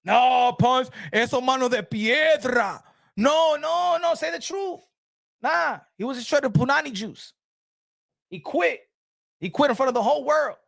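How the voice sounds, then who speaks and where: An extremely high-pitched, gravelly and slightly bright voice belongs to a man hosting a boxing talk show. At normal speed but with long pauses, he rants heatedly in casual commentary, repeating himself and cursing heavily.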